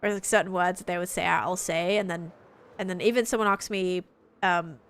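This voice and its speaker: A woman's voice: fairly low pitch, a bit bright. Brief: a young Australian woman with an Americanized accent, talkative and rambling, casual stream chat. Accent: Australian, drifting toward American. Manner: chatty, rambling, many "like"s. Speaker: game streamer.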